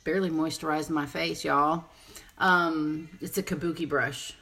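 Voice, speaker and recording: A woman's voice: low voice, fairly even intonation, a little slow, vocal fry, bright, forceful tone. A woman giving a casual live makeup tutorial, chatty and rambling as she answers viewer comments. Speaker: makeup seller and presenter.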